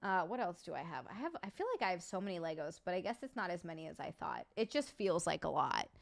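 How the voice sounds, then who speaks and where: A woman's voice: fairly low pitch, quick pace, gravelly. A woman hosting a casual live-chat stream, chatting, joking sarcastically, swearing freely and thanking viewers by name. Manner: animated, sarcastic jokes. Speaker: livestream host.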